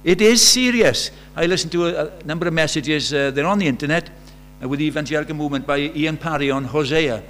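Quick and barely pausing, a man with a slightly high, fairly bright voice preaches conversationally. He keeps tossing rhetorical questions to the congregation, and a faint mains hum is audible.

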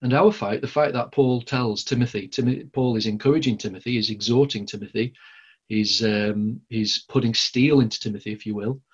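A man's voice: medium pitch, normal speed, slightly rough, muffled recording. A man with a Lancashire accent preaching a sermon in a conversational, rambling way, full of fillers and restarts. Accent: Lancashire English.

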